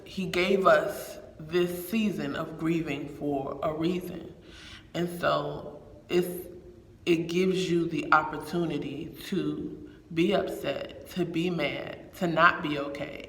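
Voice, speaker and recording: Man, earnest and candid, bright forceful voice, long echo around him. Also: on the high side, recorded from a distance. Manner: candid, earnest, repeats phrases for emphasis. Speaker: speaker sharing a faith reflection. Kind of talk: casual heartfelt monologue. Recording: echoey room with long reverb.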